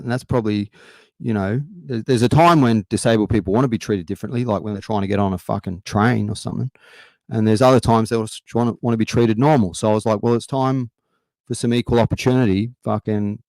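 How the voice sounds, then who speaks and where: A young Australian man telling a long stand-up story in a loose, rambling way, swearing freely. His voice sits low, and the sound is close and dry with no room around it. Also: darkish tone, no echo. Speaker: stand-up comedian. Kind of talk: stand-up set on a livestream.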